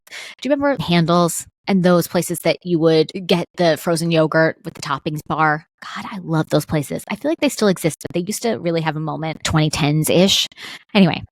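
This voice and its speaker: A woman's voice: lowish voice, no echo, studio quality. A woman hosting her own podcast as a dietitian, talking through food trends in a chatty, opinionated way with playful asides. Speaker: podcast host and registered dietitian. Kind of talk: solo podcast commentary.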